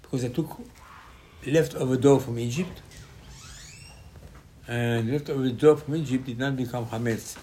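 A man's voice: mid-range voice, steady tone, moderate pace, long pauses, dark tone, slight background noise. A man, a rabbi giving an informal Torah class in choppy English with lots of repetition. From Israel. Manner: choppy non-native English with many repetitions.

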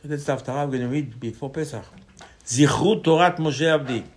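A man with a fairly high voice preaches a Torah sermon as a rabbi. He talks with passion, repeats his words for emphasis and slips into the voices of the people he quotes. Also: brisk. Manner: impassioned, repetitive, acts out quoted dialogue.

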